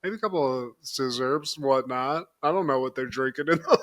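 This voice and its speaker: A man's voice: mid-range voice, normal speed, fairly bright tone. A man co-hosting a podcast, recapping a show in a loose, laughing, casual way and often calling his co-host by name. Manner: keeps addressing co-host by name.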